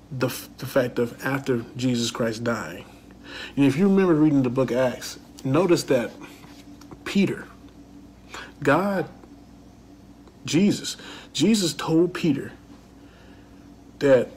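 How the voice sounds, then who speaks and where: A man's voice: mid-range voice, slow pace, pauses often, a little mellow, slight background noise. A man earnestly explaining a passage he told someone to read, stressing key names as he goes. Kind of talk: recounting a conversation.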